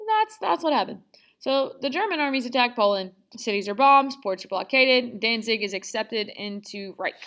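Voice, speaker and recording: A woman's voice: on the high side, fairly bright tone. A young woman teaching a casual history lesson, chatty and sarcastic, acting out quotes in playful voices.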